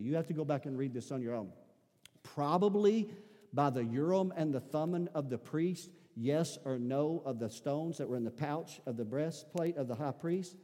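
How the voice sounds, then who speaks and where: A man preaches a sermon, telling the story with dramatic swings between loud, emphatic lines and quiet, low passages. His voice is mellow and darker in tone. It rings with the long reverb of a large sanctuary. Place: church sanctuary.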